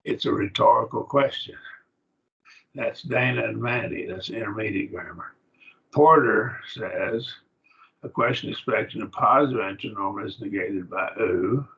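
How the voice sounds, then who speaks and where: A man teaching a Bible Greek grammar class over a video call, explaining slowly and asking his students questions. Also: on the low side, creaky, a bit bright. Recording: dull lo-fi call audio.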